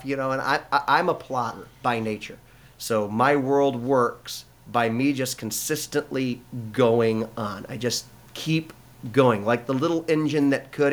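A man's voice: mid-range voice, a bit bright. A middle-aged man from the United States tells his own story with a pastor's earnestness. His voice sits in an ordinary middle range. He talks conversationally, often stopping to restart a thought, with plenty of fillers. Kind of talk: conversational testimony in an interview.

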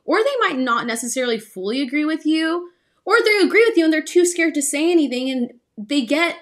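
Young woman cohost telling a story, earnest n animated, lots of likes and ums, kinda high voice. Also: a little fast. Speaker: podcast co-host. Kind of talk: casual personal storytelling.

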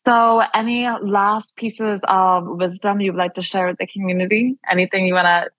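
A woman's voice: medium pitch, steady tone, a bit bright, no echo, muffled recording. Bubbly chatty woman host, dry close sound. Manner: bubbly and chatty, laughs often, jumps into quick bursts. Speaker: podcast host. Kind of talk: casual interview chat.

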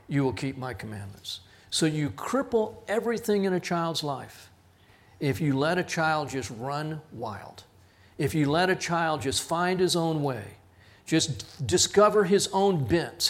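Storytelling man teaching Bible study. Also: a little high. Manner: storytelling, quotes others in raised voice, chuckles at himself. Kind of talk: sermon.

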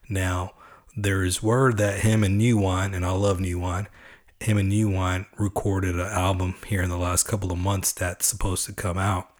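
A man from Texas hosting a podcast, chatting casually and with enthusiasm about the songs he plays. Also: low voice. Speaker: podcast host.

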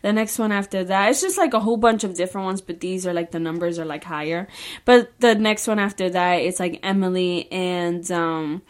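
A woman's voice: lowish voice, fairly quick. A young woman hosting a faith podcast, talking casually and emotionally with lots of fillers and repeated phrases. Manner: emotional, filler-heavy, repeats "I just can't". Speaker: podcast host and lash artist. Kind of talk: casual faith-based personal chat.

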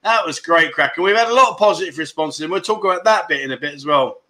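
Middle-aged British male streamer, cheeky banter, high, sharp-edged voice. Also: lively intonation, quick pace. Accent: British English. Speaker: livestream host. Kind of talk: casual livestream chat.

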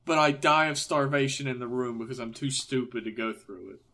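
A man's voice: mid-range voice, fairly even intonation, fairly quick, sharp tone. A man guest on a podcast playing a gamebook, making dry, sarcastic jokes. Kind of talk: casual chat playing a gamebook.

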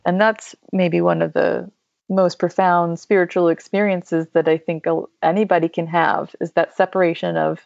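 Gravelly woman guest, muffled and dry. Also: on the low side, flat delivery, normal speed, a little mellow, no echo. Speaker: podcast guest. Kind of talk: casual chat.

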